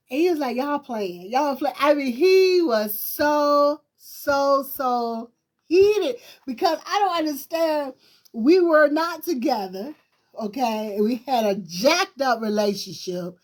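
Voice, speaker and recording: A woman's voice: high-pitched, slow. A woman host casually telling a personal story to her viewers, with a distinctive voice, acting out bits of dialogue and laughing as she goes. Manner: animated, repetitive retelling with quoted dialogue and laughter. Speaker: talk show host.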